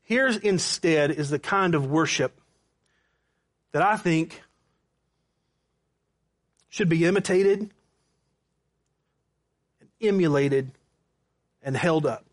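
High-pitched guy preaching, storytelling sermon, acts out the dialogue. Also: takes it slowly, pauses often. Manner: storytelling, animated, with quoted back-and-forth. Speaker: pastor.

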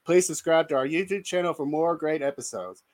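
A man's voice: fairly high pitch, a little fast, a little mellow. A man with a Southern accent hosting an interview show, giving short affirmations and closing the episode. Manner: friendly, brief affirmations. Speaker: podcast host. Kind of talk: interview host.

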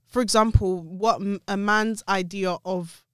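A woman's voice: medium pitch, steady tone, measured pace, fairly bright tone, clear, resonant tone, dry recording. Opinionated young woman, dry close mic. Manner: opinionated, laughs often, talks over others. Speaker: podcast co-host. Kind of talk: casual chat.

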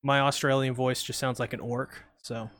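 A man's voice: mid-range voice, little pitch movement, normal speed, fairly bright tone, dry recording. A man co-hosting a podcast in casual chat, jokey and rambling, reading out chat comments. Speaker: podcast co-host.

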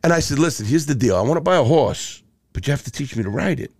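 Studio-quality audio with no room sound captures a mid-range, quick-paced voice. The speaker, a middle-aged former jewel thief from Brooklyn, is a podcast guest who swears all the time as he tells stories in an animated way, acting out the dialogue.

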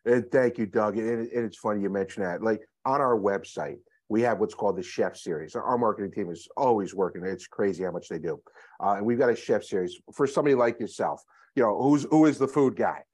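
A man, a chocolate brand executive, telling stories as a guest in a casual interview, energetic and salesy with lots of fillers. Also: fairly low pitch, fairly quick. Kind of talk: animated storytelling, casual interview.

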